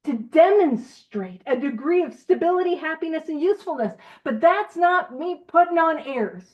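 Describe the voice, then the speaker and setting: A woman leading a recovery Big Book study, reading passages and explaining them in a playful, animated way with self-deprecating asides. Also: sits high, moderate pace. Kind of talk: informal recovery-group teaching. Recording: slightly muffled audio.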